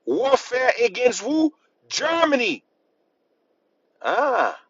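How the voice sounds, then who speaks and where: Male host, high and lively voice, slow deliberate lecture, dry dull lo-fi sound. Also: no room sound. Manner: emphatic, repeats points, asks rhetorical questions. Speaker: history channel host. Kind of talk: lecturing to camera.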